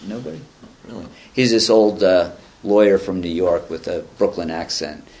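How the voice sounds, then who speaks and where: Low-voiced man rambling at a meeting. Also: normal speed, darkish tone. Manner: rambling and conversational, with dry self-deprecating humor. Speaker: speaker sharing at a recovery meeting. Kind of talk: casual spoken share, reading passages aloud and commenting. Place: indoor meeting room.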